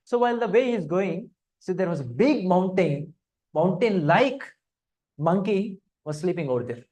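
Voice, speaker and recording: A man's voice: high-pitched, expressive, moderate pace, darkish tone. A man leading a scripture study class. He talks interactively, asks his listeners questions and often hums between points. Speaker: spiritual teacher.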